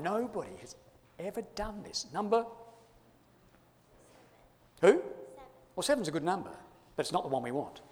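Australian guy, slightly higher voice, jokey crowd-work speaker, long hall echo. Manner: playful, teasing banter with the audience. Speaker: speaker giving a presentation. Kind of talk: lively audience-participation talk. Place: large hall before a live audience.

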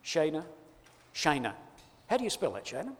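An Australian man presents a lively, audience-participation talk in a large hall, teasing and playful, with an expressive voice on the high side at a moderate pace. Long hall reverb colors the recording.

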